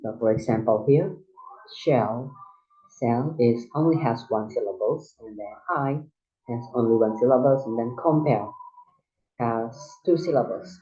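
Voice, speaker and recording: A man whose first language is Indonesian gives a recorded lesson, explaining step by step in a halting way with frequent restarts. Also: medium pitch, dark tone. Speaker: student teacher. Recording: dull lo-fi recording.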